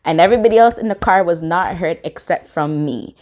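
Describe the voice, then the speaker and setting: Brief: woman in her twenties, lower-pitched, casual storytime vlogger, curses often, acts out quotes. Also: brisk. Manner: swearing, animated reenacted quotes.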